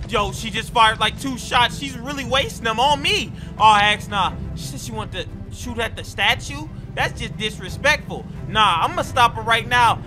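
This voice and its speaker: High, excitable man shouting through gameplay. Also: normal speed, hardly any pauses, over music. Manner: excitable and slangy, often shouting. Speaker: gaming YouTuber. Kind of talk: role-play game commentary.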